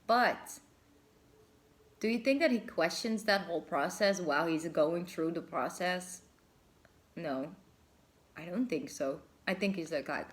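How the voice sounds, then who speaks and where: A woman's voice: lowish voice, a little slow, long pauses. A woman giving a casual tarot reading, effusive and thinking aloud, often breaking into laughter. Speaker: tarot reader.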